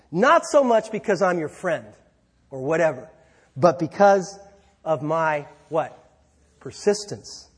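Husky-voiced man preaching in a reverberant hall. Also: high-pitched. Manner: conversational storytelling, animated with fillers and repeats. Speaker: pastor. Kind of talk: sermon.

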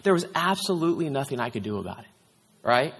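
A man's voice: medium pitch, sing-song, fast, gravelly, slightly rough. A male pastor preaching a candid, conversational sermon, sharing a personal story. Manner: candid, conversational, tearful at times, frequent "right?". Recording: long hall reverb.

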